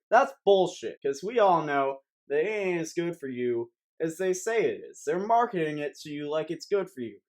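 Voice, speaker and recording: A man's voice: fairly high pitch, lively intonation, moderate pace, darkish tone. A young man giving a rambling, sarcastic comedic rant to camera as a vlogger, swearing often.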